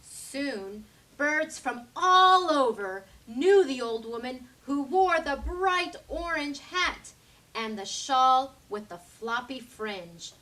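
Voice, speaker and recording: A woman storyteller at a library, reading a children's picture book aloud in an animated way. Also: sits high, recorded from a distance. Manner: slow animated read-aloud.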